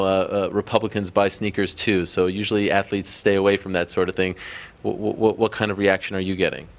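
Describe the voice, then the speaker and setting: A male interviewer asking long, stumbling questions full of fillers. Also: on the low side.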